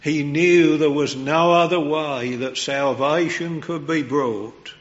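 A man preaching a sermon in a slow, reverent and earnest way, his voice rising in fervour at times. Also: on the high side, steady tone, highs cut off.

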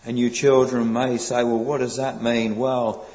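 A man preaching a sermon in a slow, earnest, pleading way, quoting old scripture. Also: mid-range voice, little pitch movement, darkish tone, rough recording.

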